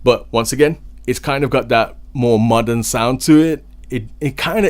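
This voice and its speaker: A man's voice: medium pitch, moderate pace, dry recording. A young man casually reviewing microphones at home, talking close into a condenser mic with enthusiastic, rambling chatter. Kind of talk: casual gear review talk. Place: home recording setup. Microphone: large condenser studio mic, close.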